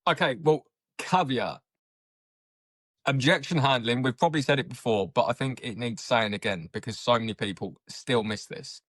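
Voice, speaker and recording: A man's voice: mid-range voice, moderate pace, no echo, clean studio sound. A man who manages a sales team, co-hosting a casual podcast with an emphatic, sweary delivery. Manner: forceful, sweary, emphatic when making a point.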